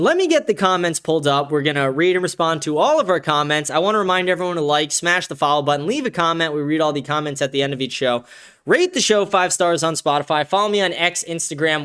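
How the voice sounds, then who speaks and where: A man hosting a podcast in casual chat, excitable and profane, often laughing as he reads and answers viewer comments. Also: fairly high pitch, smooth. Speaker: podcast host.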